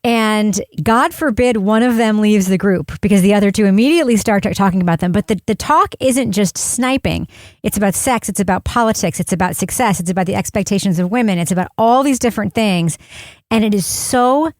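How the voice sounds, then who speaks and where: A woman hosting a podcast, talking frankly and lively in casual chat. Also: mid-range voice, a little fast, no room sound, clean studio sound. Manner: lively, frank, laughing, swears. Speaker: podcast host.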